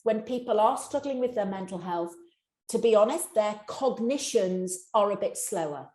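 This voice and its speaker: A woman giving a long, practical answer on workplace mental health during a live session. She talks fast, restarts sentences often and speaks straight to her audience. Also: mid-range voice, animated, a little mellow, reverberant. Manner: fast-talking, with many restarts. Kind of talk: live webinar answer to a question.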